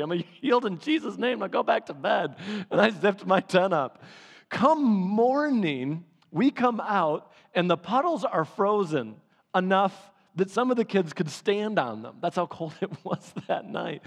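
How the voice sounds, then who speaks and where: A man preaching a sermon, telling a story with laughs and lively energy. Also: high voice. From Michigan. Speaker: pastor. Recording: long hall reverb.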